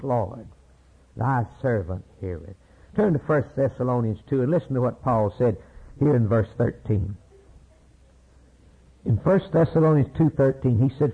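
A man's voice: mid-range voice, husky. A man preaching a sermon with emphatic repetition, retelling scripture stories and quoting verses. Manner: emphatic, repeats key phrases, retells scripture with acted voices. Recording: phone-like lo-fi sermon recording.

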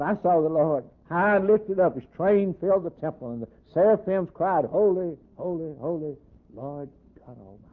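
A man preaching a sermon and quoting scripture in old-fashioned wording. His voice swells loud, then drops to a near hush. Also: fairly high pitch. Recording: tinny phone-like recording.

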